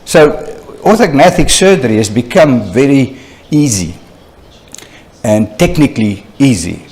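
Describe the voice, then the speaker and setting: An older man lectures a room of young colleagues, telling stories in an animated, chatty way. His voice sits at an ordinary middle pitch, and he keeps turning to the audience with quick asides. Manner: conversational, animated storyteller with frequent "you know" asides. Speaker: surgeon lecturing at a conference. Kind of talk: conference lecture with anecdotes.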